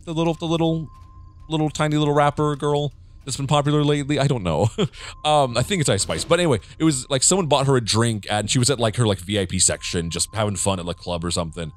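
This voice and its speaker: A young man narrating his play of a horror game, jumpy and jokey, swearing often and talking to himself. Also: mid-range voice. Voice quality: jittery, jokey, swears a lot. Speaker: gaming streamer.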